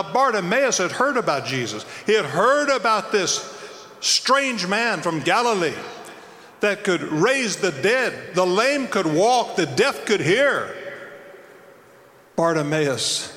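A man preaching with a high, bright, forceful voice that rings through a hall with a long reverb. He tells the story dramatically and acts out the quotes. Faint noise sits behind him. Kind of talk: evangelistic sermon.

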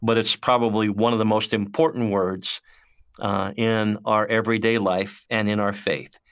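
A man's voice: lowish voice, flat delivery, moderate pace, clean tone. A man hosting an interview, steadily going through a list of points and asking his guest to explain each one. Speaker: host.

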